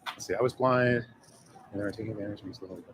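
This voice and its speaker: A man's voice: lowish voice, fairly even intonation, very fast, slight background noise. A man ranting casually on a stream, talking in a loose, hesitant way with many fillers. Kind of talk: casual rant.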